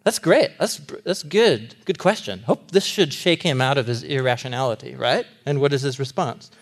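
A man in his thirties preaching a humorous, animated sermon, laughing often and talking straight to the congregation. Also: medium pitch, moderate pace.

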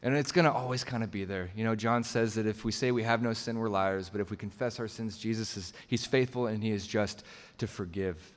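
A pastor preaches a sermon in a lowish, slightly fast voice, earnest and emphatic, often repeating himself, restarting, and adding asides as he builds a point. The recording carries the long reverb of a large hall.

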